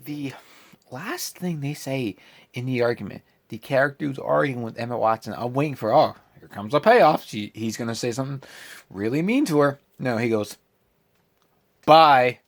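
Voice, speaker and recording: A man giving a casual vlog movie review, ranting with animated exasperation. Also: medium pitch, normal speed.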